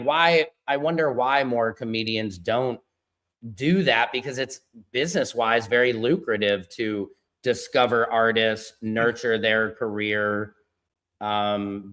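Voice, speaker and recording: A man's voice: medium pitch, a bit bright. A male podcast host on a video call, thinking aloud in a loose, rambling way with many fillers. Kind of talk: casual podcast chat.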